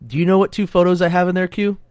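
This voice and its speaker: A man's voice: high voice, little pitch movement, very fast, a little mellow, clear, resonant tone, no room sound, clean studio sound. A man hosting a casual podcast who tells long, rambling, profane stories to his old shipmates. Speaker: podcast host. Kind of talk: casual chat among Coast Guard buddies.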